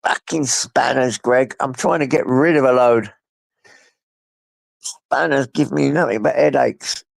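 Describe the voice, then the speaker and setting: A man's voice: medium pitch, a little slow, creaky, no echo. A man chatting casually on a live stream from his phone, rambling and talking to his pets, with a blocked nose from a coming flu. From England. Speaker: livestreamer.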